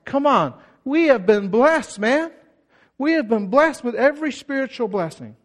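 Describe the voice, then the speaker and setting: A man with a very high-pitched voice preaches a fervent sermon. He repeats phrases for emphasis and swings between loud exclamations and quiet, drawn-down passages. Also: animated, measured pace. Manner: passionate preaching, repeats phrases, rises and drops in volume. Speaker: pastor.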